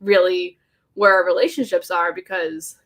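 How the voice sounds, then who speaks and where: A woman's voice: fairly low pitch, steady tone, normal speed, a bit bright. A woman co-hosting a podcast in casual chat, laughing often and gushing with lots of "like.". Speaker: podcast co-host.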